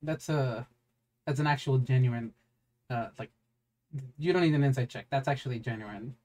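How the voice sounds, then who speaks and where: Game master narrating a tabletop game, mid pitch, rambling, filler-heavy, casual swearing. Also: normal speed, darkish tone.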